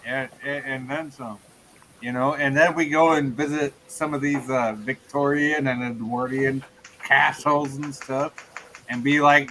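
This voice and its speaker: A man's voice: medium pitch, fairly even intonation, unhurried, sharp tone, a little hiss or hum, poor audio. A man hosting a live morning talk stream, joking and teasing his guests while chatting casually. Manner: joking, teasing, laughs often. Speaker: show host. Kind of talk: casual chat.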